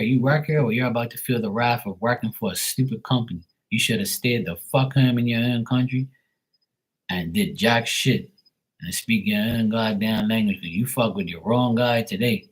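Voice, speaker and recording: A man's voice: mid-range voice, normal speed, slightly rough, poor audio. A man hosting a live tarot stream, ranting at length in a casual, irritated and profane way while chatting with viewers. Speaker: livestream tarot reader. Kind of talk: casual livestream rant.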